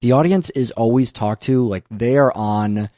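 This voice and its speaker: A man's voice: medium pitch, normal speed, dark tone, no echo, clean studio sound. A man hosting a film podcast in casual discussion, emphatic and opinionated, swearing often. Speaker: podcast host.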